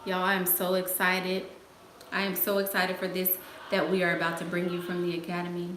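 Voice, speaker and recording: Answering her live chat, a laughing livestream host keeps it sassy and full of playful slang. She talks a little fast in a low-side, fairly bright monotone, with room echo and faint background noise.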